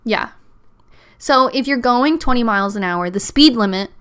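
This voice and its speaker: A woman's voice: a little high, lively intonation, normal speed, a bit bright, clear, resonant tone. A young woman in casual chat, telling a story in a chatty way, swearing and mimicking voices. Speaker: podcast host.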